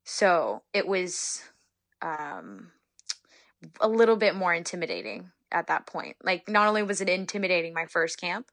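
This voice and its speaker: A woman's voice: on the low side, moderate pace, no echo. Giggly young woman telling stories. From Northern California. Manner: chatty, giggly, animated retelling with lots of "like". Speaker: guest, soccer player. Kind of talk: casual interview storytelling.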